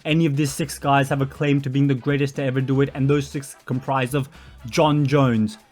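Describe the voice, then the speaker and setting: A man's voice: medium pitch, flat delivery, fairly quick, darkish tone. A young man giving a blunt, opinionated solo commentary on fighters, with fillers and self-corrections along the way. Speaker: MMA commentary channel host. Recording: faint background music.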